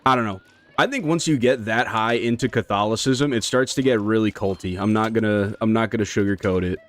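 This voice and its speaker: A man's voice: on the low side, brisk, soft background music. Laid-back slangy male streamer. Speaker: speedrun streamer. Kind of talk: casual live-stream chat while gaming.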